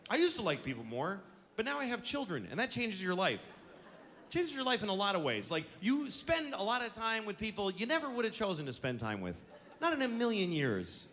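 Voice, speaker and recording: On stage before a live audience, a middle-aged stand-up comedian rants in an exasperated, profane way. His voice sits high with a fairly bright tone, and audience laughter and room ambience fill the background.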